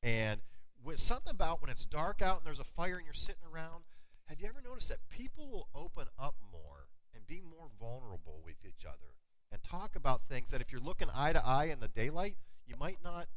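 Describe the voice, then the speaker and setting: Lively animated male preacher. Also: a little high, no room sound, rough recording. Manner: animated storytelling preacher, slows for emphasis. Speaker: pastor. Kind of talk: sermon.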